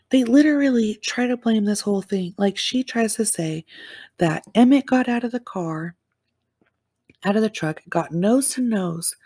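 A woman casually recapping a true-crime episode as a show reviewer, animated and exclamatory with slangy asides. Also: mid-range voice, slightly rough.

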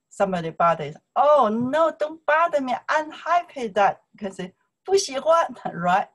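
A woman whose first language is Mandarin, speaking with a Chinese accent and a medium pitch, teaches a casual online lesson. She talks slowly and repetitively, constantly asking "okay?" to make sure her students are following.

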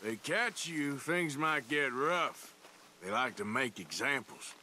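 An actor playing a gruff, wry frontier gunman who drawls in slow Old West speech. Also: medium pitch, expressive, sharp tone, slight background noise, full character voice. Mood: warning.

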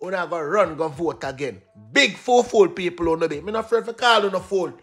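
A Jamaican man hosting online news, reading reports and breaking into lively patois commentary. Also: high-pitched, a little fast, husky, faint music behind. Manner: animated, switches between read news and banter.

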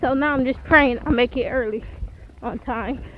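A woman's voice: sits high, normal speed, narrow, tinny audio, a little hiss or hum. A young woman vlogging while walking outside in the snow, out of breath as she talks. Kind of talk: casual vlog chat. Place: outdoors in snow.

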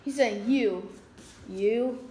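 Hushed woman in an echoey room. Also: extremely slow. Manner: speaks softly, low and hushed, relaying quoted phrases. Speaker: vlogger relaying messages from a spirit. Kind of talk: hushed paranormal narration. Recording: echoey room with faint noise.

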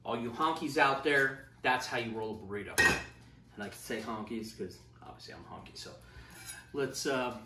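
A man's voice: mid-range voice, moderate pace, noisy background. A man hosting a casual home cooking demonstration, talking loosely and cursing as he hypes up the food in his kitchen. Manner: loose, swearing, hyped-up kitchen banter. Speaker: cooking show host. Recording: roomy sound, mic at a distance.

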